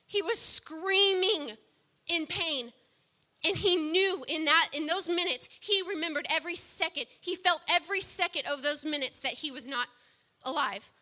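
High bright impassioned woman preacher. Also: moderate pace. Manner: impassioned, swings from soft to loud. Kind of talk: sermon.

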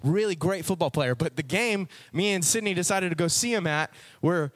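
Animated young man preaching to youth. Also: high-pitched, normal speed. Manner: animated storyteller, acts out voices, laughs often. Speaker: youth pastor. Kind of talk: casual youth sermon.

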